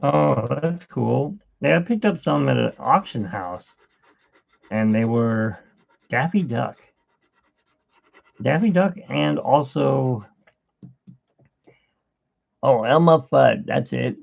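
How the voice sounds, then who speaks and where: Gravelly middle-aged man, tinny phone-like audio. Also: medium pitch, expressive, takes it slowly, pauses often. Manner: rambling, chatty storytelling. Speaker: art livestream host. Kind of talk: casual live drawing chat.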